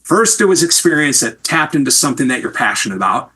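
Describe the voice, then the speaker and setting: A middle-aged man from Wisconsin, a TV producer telling stories in an interview in an animated, candid way and swearing freely. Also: medium pitch, fast talker, slightly rough. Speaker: TV producer and guest. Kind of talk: storytelling interview answer.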